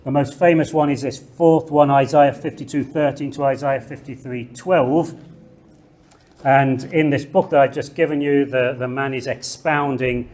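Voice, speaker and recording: A man giving a slow, deliberate theology lecture in a classroom, reading scripture aloud and stressing key words. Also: medium pitch, fairly even intonation, darkish tone. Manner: slow, deliberate, emphatic delivery with measured pauses.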